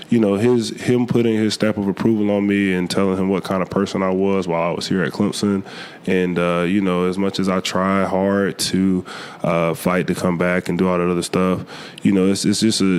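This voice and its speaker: Earnest hoarse young man, low voice. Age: young adult. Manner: earnest, halting, many fillers. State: hoarse from a cold. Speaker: college football player. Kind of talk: interview answers.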